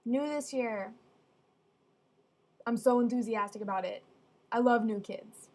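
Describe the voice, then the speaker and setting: A young woman telling funny stories casually, with deadpan asides. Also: fairly high pitch, a little slow. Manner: chatty, deadpan asides, acts out quoted voices. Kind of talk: casual storytelling.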